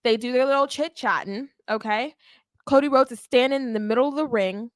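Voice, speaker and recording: Podcast lady recapping a wrestling show, animated and pushy, keeps going "okay?", dry close sound. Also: on the high side, brisk, no room sound. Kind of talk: live watch-along recap.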